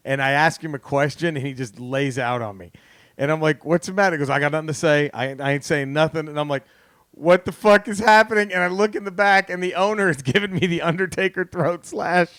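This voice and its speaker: A man from Texas, a comedian and podcast host, telling a story in casual chat, animated and swearing, laughing through it. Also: fairly high pitch, smooth, dry recording.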